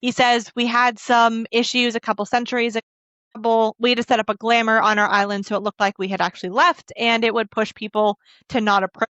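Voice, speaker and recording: A woman's voice: on the high side, level tone, a little fast, a bit bright, dry recording. A woman co-hosting a book podcast, retelling a fantasy novel's scenes in a casual, emotional way and quoting the characters' lines. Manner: emotional, laughs and chokes up while recounting. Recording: dull lo-fi dry audio.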